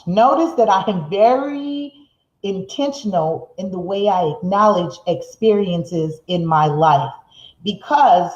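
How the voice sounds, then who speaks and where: A middle-aged woman with a mid-range voice hosts a live-streamed motivational show from a seat indoors, reading viewer comments aloud and laughing often. She speeds up when excited and slows down to make a point. The audio is roomy and slightly dull, typical of a live stream.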